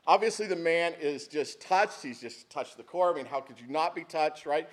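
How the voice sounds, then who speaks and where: A middle-aged male pastor delivers his sermon in a relaxed, storytelling way. His voice sits a little on the high side for a man, and he keeps turning to the congregation with easy asides. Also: normal speed, few pauses. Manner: conversational, folksy, with asides to the congregation.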